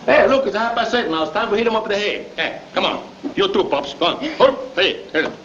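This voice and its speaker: An actor playing a hot-tempered but big-hearted Italian immigrant grocer, speaking broken English with an Italian accent and Italian phrases. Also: male voice, high voice, lively intonation, fairly quick, fairly bright tone. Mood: jovial. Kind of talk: 1930s film acting. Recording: dull scratchy 1930s film soundtrack.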